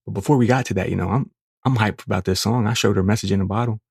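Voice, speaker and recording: A young man, hosting a podcast and telling a crude, profane story in a casual, animated way. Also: on the low side, very fast, creaky, slightly rough, no echo, clean studio sound. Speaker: podcast host.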